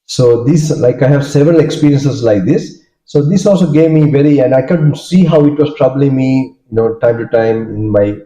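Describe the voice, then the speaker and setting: A Buddhist monk with a mellow, medium-pitched male voice gives an informal dharma talk to an audience in a hall, and the recording sounds dull and echoey. He tells stories haltingly, with many fillers and restarts.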